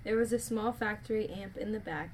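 A woman's voice: mid-range voice, a little hiss or hum. Woman reading viewer questions aloud. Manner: reads quickly, stumbles and restarts.

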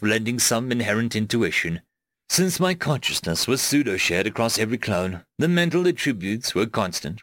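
A man narrating a first-person fiction audiobook in a measured, expressive storytelling manner. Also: fairly low pitch, no room sound.

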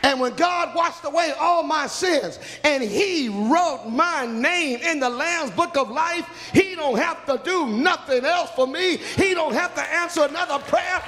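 A man preaching an impassioned sermon that climbs into shouts, recorded in a reverberant hall. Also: very high-pitched, measured pace, few pauses, noisy background.

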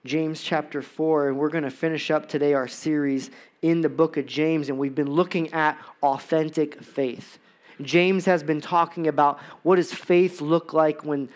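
A man preaching a sermon, opening with a personal story and moving into rhetorical questions for the congregation. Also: on the high side. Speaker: pastor.

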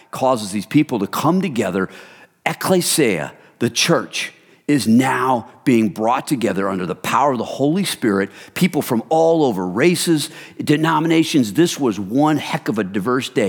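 A man preaching a sermon in a conversational, animated storytelling manner, often speaking directly to the congregation. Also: mid-range voice, normal speed, breathy edge. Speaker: pastor. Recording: long hall reverb.

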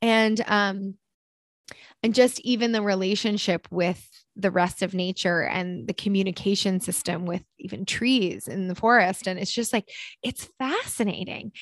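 A woman in her thirties hosts a podcast, running a casual interview in a chatty way, interrupting herself and laughing easily. Her voice sits in the mid-range, with no echo.

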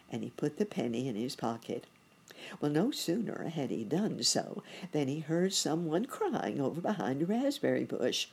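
A woman reading a children's bedtime story aloud in a gentle, expressive way. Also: deep voice, normal speed, vocal fry, breathy edge.

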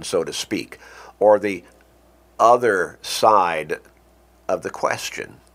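Low-voiced guy preaching slow and emphatic, stretches out his words. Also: fairly bright tone, breathy edge. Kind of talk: sermon with closing prayer.

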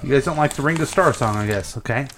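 A man's voice: mid-range voice, fast, a bit bright, soft background music. A man running the podcast desk, making short, dry remarks. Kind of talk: casual chat.

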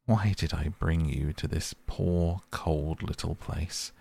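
A man's voice: a bass voice, takes it slowly, gravelly, a little mellow, slightly rough, no echo, heavily acted. A man voicing a timid, gloomy male mole in a storybook, speaking in a mournful, self-reproaching way. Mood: dismal.

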